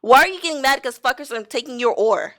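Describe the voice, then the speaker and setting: A woman's voice: high voice, expressive, quick pace. A woman on voice chat, mocking and exasperated as she argues back. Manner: sharp-tongued, mocking, exasperated. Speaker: voice chat participant. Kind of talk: heated casual argument.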